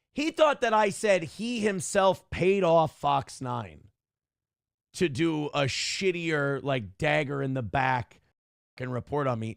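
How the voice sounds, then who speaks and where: Brief: middle-aged male streamer, blunt and profane, slightly high gravelly voice. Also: dry recording, studio quality. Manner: blunt, ranting, swears freely. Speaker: streamer host reading chat. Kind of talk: casual livestream commentary.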